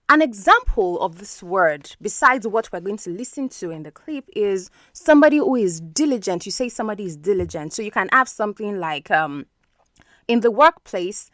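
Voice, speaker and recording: A woman's voice: medium pitch, a bit bright, no echo, clean studio sound. A woman hosting an English-learning podcast who explains words patiently and keeps checking in with the listener. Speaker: English teacher and podcast host.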